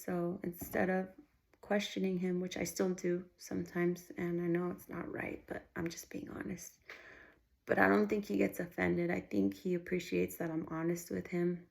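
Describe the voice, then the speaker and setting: A woman speaks to her viewers in a heartfelt, faith-based vlog. Her voice sits fairly low and has a gravelly, creaky fry. She talks earnestly and loosely, restarting her sentences and sometimes dropping almost to a whisper. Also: flat delivery, normal speed, darkish tone. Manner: earnest, rambling, with frequent restarts. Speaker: vlogger.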